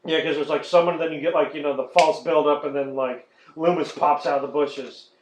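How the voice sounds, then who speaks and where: A man's voice: fairly high pitch, steady tone, a little fast, noisy background. A man hosting a podcast, ranting in casual chat with frequent swearing and mocking impressions. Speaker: podcast host. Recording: echoey lo-fi room recording.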